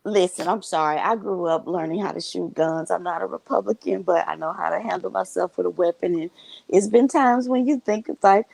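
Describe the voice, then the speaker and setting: A woman's voice: medium pitch, normal speed, vocal fry, dark tone, no echo, low-quality recording. A woman co-hosting a casual commentary show, giving blunt, profane opinions.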